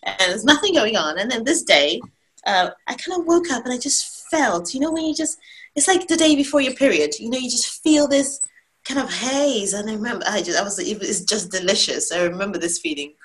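A woman in her thirties tells a personal story in a relaxed interview. She talks casually and brightly, and she acts out the things she said back then in a higher voice. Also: fairly quick, rough recording. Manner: animated storyteller who acts out her own past lines. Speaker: guest telling her birth story.

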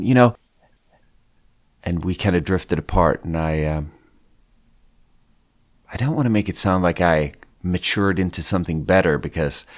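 Candid rambling man, lowish voice. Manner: candid, rambling, swears freely. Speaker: podcast co-host. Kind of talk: casual reflective chat.

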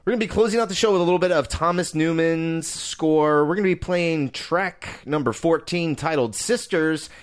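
A man's voice: on the high side, moderate pace, few pauses. A man who hosts a casual movie podcast, joking with friends and wrapping up the episode with plugs. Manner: joking, wraps up the show with plugs. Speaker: podcast host, film editor.

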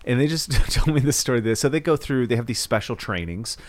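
A man's voice: medium pitch, expressive, brisk. A man hosting a podcast interview, talking in a loose, chatty way, laughing often and swearing casually. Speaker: podcast host.

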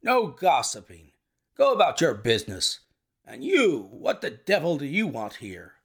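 A fierce old horse trainer from a storybook mystery, barking at strangers in a loud, gravelly voice, as a male reader puts him on. His speech lifts and drops hard, curt and dismissive. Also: on the high side, huge pitch swings, unhurried, voice pushed up, full character voice. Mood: angry. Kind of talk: storybook reading.

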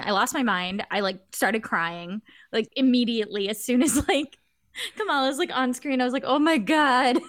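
Casting: chatty woman guest author, a bit higher, dry close sound. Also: dry recording. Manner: excited, chatty, many likes. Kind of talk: casual chat.

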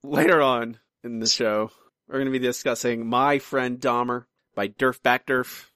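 A man's voice: medium pitch, fairly even intonation, unhurried, a bit bright, dry recording. Chatty male podcast host, dry mic. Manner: teasing, chatty, stumbles and restarts. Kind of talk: casual chat.

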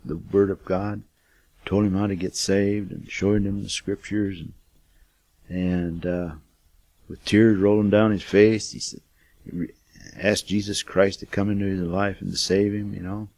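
A man's voice: low-pitched, flat delivery, unhurried, a little mellow, no echo. An older man, a missionary, telling a testimony in a folksy, rambling way with many fillers. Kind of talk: casual storytelling testimony.

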